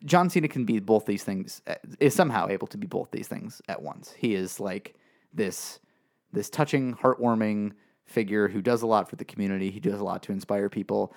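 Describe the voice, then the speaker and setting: Gravelly low-voiced man, rambling podcast chat. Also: fairly quick. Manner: rambling, hesitant, many restarts and fillers. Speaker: podcast co-host.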